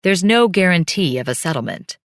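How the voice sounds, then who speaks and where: A woman reading as a slick, stone-faced man in a shiny suit, speaking matter-of-factly behind a fake smile. The voice is low and plain, and the audiobook read is dry and close. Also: very animated, fairly quick, dry recording. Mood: smooth. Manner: matter-of-fact, falsely smiling.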